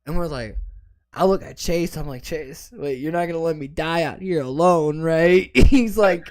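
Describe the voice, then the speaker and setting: A man with a fairly high voice tells a story in a rambling, stop-start way, stumbling over his own words and swearing freely. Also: moderate pace. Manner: rambling, repeats words, profane. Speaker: podcast co-host. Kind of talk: casual drunken storytelling.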